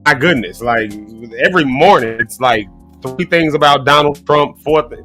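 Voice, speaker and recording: A man hosting a casual live morning show, chatty and folksy, his throat rough from coughing. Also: fairly high pitch, moderate pace, pushed and bright, soft background music. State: choking, throat clearing.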